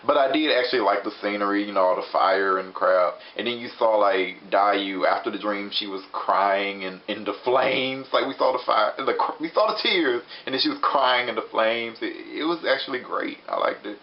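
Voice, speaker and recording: A man's voice: fairly low pitch, moderate pace, hardly any pauses. A young man casually recapping a TV episode in a rambling, chatty way full of filler words. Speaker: show reviewer. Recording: dull lo-fi recording with faint hiss.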